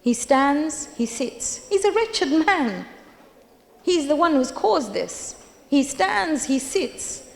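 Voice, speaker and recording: Woman preaching at a majlis, highish voice, hammering her points with repeats, long echoey hall sound. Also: very animated, slow, gravelly. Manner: emphatic, repeats key phrases. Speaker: majlis speaker. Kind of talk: religious lecture with storytelling.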